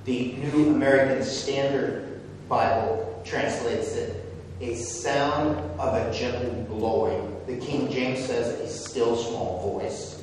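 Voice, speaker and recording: A man preaching a sermon, speaking deliberately and dropping to a hush when he reads whispered words. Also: medium pitch, fairly even intonation, a little hiss or hum. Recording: echoey hall, voice from far off.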